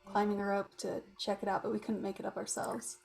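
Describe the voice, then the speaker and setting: A woman's voice: mid-range voice, level tone, brisk, creaky, music in the background, natural voice. A woman voicing a wary female elf adventurer who persuades earnestly and cautiously. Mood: persuasive.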